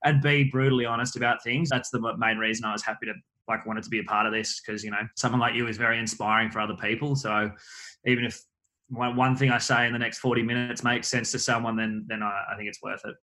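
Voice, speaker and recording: An Australian man from country Victoria, a podcast guest with a quick, bright voice. He talks fast in a laid-back, joking way, full of local slang. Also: medium pitch, little pitch movement. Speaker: guest, photographer. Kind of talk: podcast interview.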